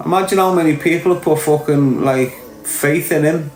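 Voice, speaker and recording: A man's voice: on the high side, normal speed, a little mellow. A middle-aged man with a Liverpool accent, talking as a podcast host in a blunt, sweary, lecturing monologue. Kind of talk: unscripted monologue to camera. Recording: roomy echo with faint music.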